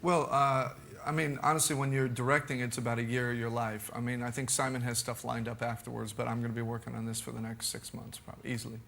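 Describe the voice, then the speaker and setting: An American man chatting as a talk show guest, relaxed, with frequent hesitations. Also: medium pitch, fast, vocal fry, hardly any pauses. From United States. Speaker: actor and director guest.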